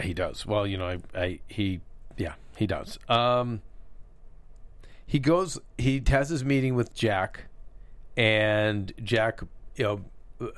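A middle-aged man co-hosting a casual TV recap show, talking in an animated, rambling way and acting out quotes from the episode. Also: on the low side, no room sound. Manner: animated, rambling, with frequent restarts and acted-out quotes. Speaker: co-host.

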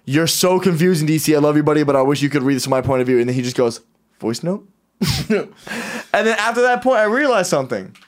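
A man's voice: on the high side, expressive, quick pace. A man hosting a podcast in casual chat, telling stories animatedly and acting out other people's lines. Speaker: podcast host.

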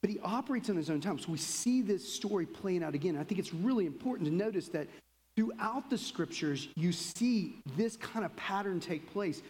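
A middle-aged man gives a sermon in an animated, chatty style with a fairly high voice. His words ring out with the long reverb of a big hall. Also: normal speed. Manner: animated, conversational preaching with laughs and asides. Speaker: pastor.

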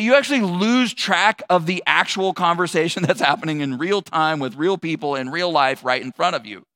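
A male pastor giving a conversational sermon, telling a personal story with animated asides. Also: sits high, normal speed, hardly any pauses.

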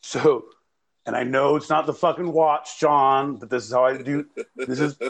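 A man with a gravelly, creaky voice talks through a loose podcast conversation. He rambles, swears freely and laughs at his own jokes as he goes. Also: mid-range voice, fairly even intonation, moderate pace, a bit bright. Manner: rambling, profane, jokey, laughs often. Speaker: podcast co-host. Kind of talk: casual podcast banter. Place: home studio, recorded remotely via live app.

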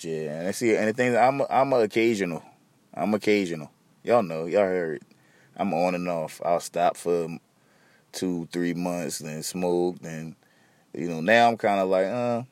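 Very deep-voiced laid-back man. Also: no echo. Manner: laid-back, rambling, profane, slangy. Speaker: podcast host. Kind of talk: casual chat.

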